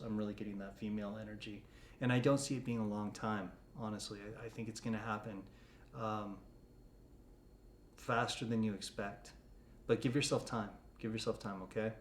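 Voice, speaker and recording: A man's voice: on the low side, steady tone, a little fast, slight background noise. A man co-hosting a live stream of psychic readings, reading out viewers' questions and answering them reassuringly, with frequent small restarts. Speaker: psychic medium, co-host.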